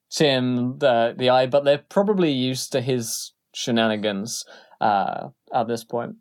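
A man's voice: mid-range voice, a little mellow. A man narrating a tabletop game as game master, rambling with many fillers.

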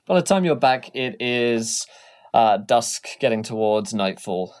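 A man game master narrating a tabletop role-playing game in a relaxed way, with frequent fillers. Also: mid-range voice, unhurried.

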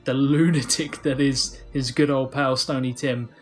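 A man's voice: mid-range voice, steady tone, a little slow, faint music behind. A man playing a tabletop game, talking casually and self-mockingly. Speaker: player.

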